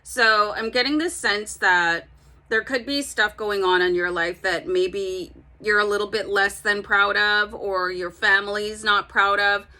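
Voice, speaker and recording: A woman's voice: medium pitch, steady tone, a little slow, pushed and bright. A woman giving a casual tarot reading, chatting directly to her viewers with plenty of fillers. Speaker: tarot reader.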